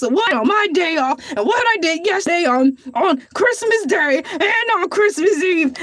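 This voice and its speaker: A woman's voice: very high-pitched, fairly bright tone, no echo. A woman voicing a boastful male shark who hosts his own show, talking in a grandiose, rambling, self-praising way. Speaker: host. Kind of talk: character livestream show.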